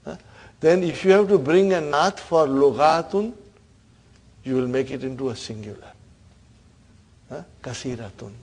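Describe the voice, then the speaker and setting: Gravelly man teaching grammar. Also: a little high, moderate pace, pauses often, a little mellow. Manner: questioning students, frequent "huh?" and laughs. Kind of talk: online class teaching.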